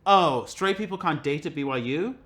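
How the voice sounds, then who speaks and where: A man's voice: a little high, normal speed. Young man telling a story, full of fillers. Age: young adult. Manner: animated, acts out quoted voices, many "like" fillers. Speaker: guest. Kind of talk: casual conversational storytelling.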